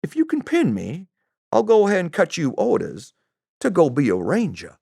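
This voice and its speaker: A man doing a soft, pasty Southern clerk in his fifties, drawling and wheedling in a voice pitched far up. He teases with a sly, high lilt and a Southern accent, dry and close to the mic. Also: huge pitch swings, moderate pace, gravelly, breathy edge, dry recording, full character voice. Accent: American Southern. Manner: wheedling, teasing.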